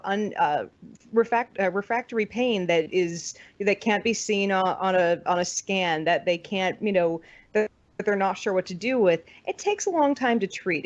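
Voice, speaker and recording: A woman's voice: mid-range voice, no room sound. A woman from the United States, a podcast guest chatting casually, telling stories, swearing freely and acting out what people said. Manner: chatty storyteller who swears freely and acts out quotes. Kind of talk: casual chat. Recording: dull dry recording.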